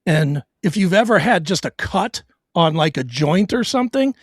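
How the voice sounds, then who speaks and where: A man's voice: high-pitched, lively intonation, moderate pace, dry recording, studio quality. A middle-aged man on his own show, telling a hard personal story bluntly and profanely, with stammered restarts.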